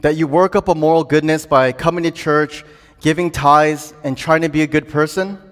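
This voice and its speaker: A man's voice: fairly high pitch, fairly even intonation, normal speed. A man preaching a sermon earnestly, building to emphatic declarations. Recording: long hall reverb.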